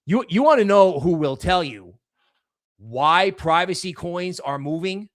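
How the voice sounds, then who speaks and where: A man's voice: high-pitched, animated, measured pace. A man hosting a crypto livestream, talking casually and emphatically, with frequent restarts. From New York area.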